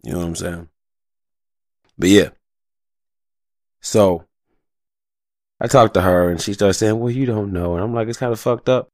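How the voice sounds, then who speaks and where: An agitated man rants alone on a studio mic, profane and rambling. His voice sits low with a gravelly fry. The sound is close and dry, with no room around it. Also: measured pace, long pauses, darkish tone, no room sound. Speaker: solo commentator. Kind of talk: casual heated rant. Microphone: studio mic with a pop filter.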